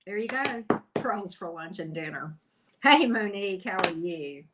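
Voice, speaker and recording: With a medium-pitched, expressive voice and an unhurried pace, a woman runs a live tarot stream amid heavy noise. She reads the cards, teases, and welcomes viewers by name in relaxed chat.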